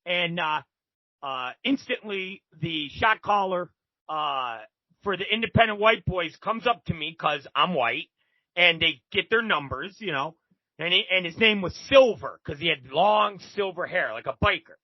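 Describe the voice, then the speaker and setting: A man's voice: sits high, animated, a little slow, no room sound, dull audio. A man guest telling a story casually and animatedly, swearing freely and acting out other people's lines. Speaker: podcast guest.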